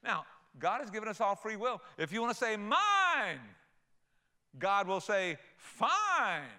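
An older man preaching a sermon, folksy and animated, telling playful stories. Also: high-pitched, fairly quick. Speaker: pastor.

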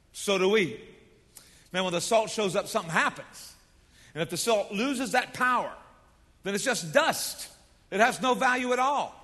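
A high, fairly bright male voice belongs to a middle-aged pastor giving a folksy, emphatic sermon with call-and-response from the congregation. It echoes with long hall reverb in a large sanctuary.

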